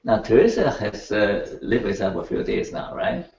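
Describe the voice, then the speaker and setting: An older man lecturing a class in an animated way, laughing and checking in with his students as he goes. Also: lowish voice, normal speed, creaky, a little hiss or hum. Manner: animated, laughing, keeps asking the class "right?". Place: lecture room. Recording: echoey, distant, dull room recording.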